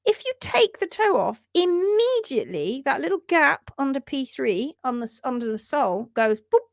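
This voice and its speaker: Brief: woman, livestream host, emphatic and indignant, somewhat high, dry close sound. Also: moderate pace, creaky, no echo. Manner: animated, emphatic, indignant rants. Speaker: hoof trimming educator, livestream host. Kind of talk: livestream chat reading comments.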